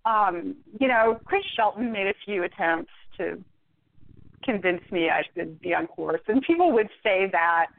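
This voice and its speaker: A middle-aged woman, a guest, telling her story in a wry, animated, conversational way, laughing now and then. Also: medium pitch, unhurried, vocal fry, dry recording. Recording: tinny phone line, dry.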